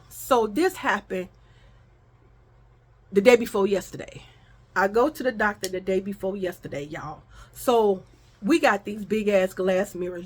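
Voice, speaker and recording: A middle-aged woman vlogging, telling a story in casual chat with animated, profane talk, often calling her viewers y'all. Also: high voice.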